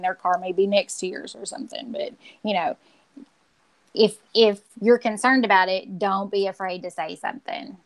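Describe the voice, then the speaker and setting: A woman's voice: mid-range voice, poor audio. Blunt, confrontational woman chatting. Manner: blunt, self-described confrontational, acts out scenes. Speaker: podcast co-host. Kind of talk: casual chat.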